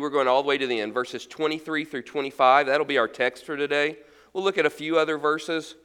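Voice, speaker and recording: A man preaching a sermon as pastor, swinging between loud emphasis and hushed, quiet lines. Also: fairly high pitch, clean tone.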